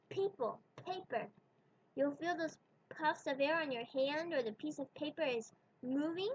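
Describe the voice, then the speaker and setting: A woman's voice: high-pitched, dull audio. A woman teaching pronunciation in a video lesson, patiently demonstrating sounds one by one. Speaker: Spanish teacher.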